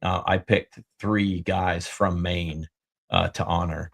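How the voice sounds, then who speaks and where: A man's voice: sits low, fairly even intonation, takes it slowly, creaky, fairly bright tone. A man co-hosting a podcast, talking in a laid-back, rambling way about his schedule. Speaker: podcast co-host. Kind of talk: casual podcast conversation.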